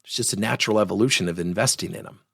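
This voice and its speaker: A middle-aged man, a workplace coach, teaching through an animated story and acting out the voices of the people in it. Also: lowish voice, racing, gravelly, no room sound, studio quality. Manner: animated, acts out the voices in his stories.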